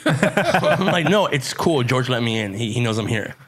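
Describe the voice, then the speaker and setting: A man with a Chicano English accent telling stories in a casual chat, animated, swearing and laughing. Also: medium pitch, measured pace, slight background noise. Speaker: podcast guest, actor and comedian.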